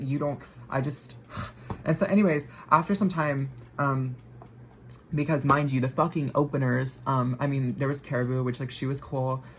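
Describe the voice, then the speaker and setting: A woman's voice: a bass voice, slight background noise, rough recording. A young woman vlogger telling a story while getting ready, rambling with lots of filler words and swearing.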